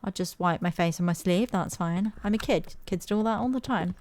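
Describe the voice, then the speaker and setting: A woman's voice: on the low side, fairly quick, a little mellow, a little hiss or hum, natural voice. A woman voicing a sulky, foul-mouthed young boy in a video game, grumbling her way through his lines.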